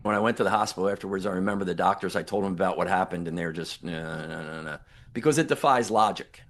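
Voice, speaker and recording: A man's voice: sits low, rapid-fire, fairly bright tone. An older man, a guest on an interview podcast, earnestly retelling a near-death story and voicing the people in it. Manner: earnest, reflective, retells dialogue with emphatic quotes.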